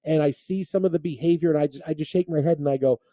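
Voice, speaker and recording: A man's voice: a little high, fast, dark tone, dry recording, clean studio sound. A man hosting sports talk radio, rambling and often restarting his sentences. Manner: rambling, repeats words when restarting thoughts.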